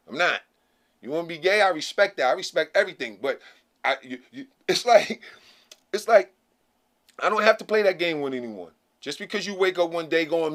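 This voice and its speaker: A middle-aged man sounding off in a loose, casual rant. His voice sits high for a man, and he circles back over his points, breaking into laughing asides. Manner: animated, repetitive, laughing asides. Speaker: vlogger.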